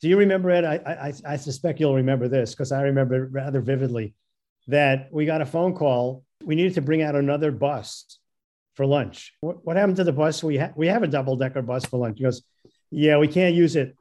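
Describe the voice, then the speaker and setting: A man chatting casually on a podcast, telling production stories with lively acted-out voices. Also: medium pitch, brisk. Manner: animated storyteller who acts out quoted voices.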